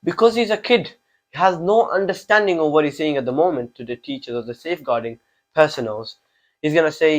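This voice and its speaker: On his own channel, a fifteen-year-old delivers a fervent opinion monologue, repeating rhetorical questions again and again. His voice is a little high and fairly quick, and the audio quality is poor.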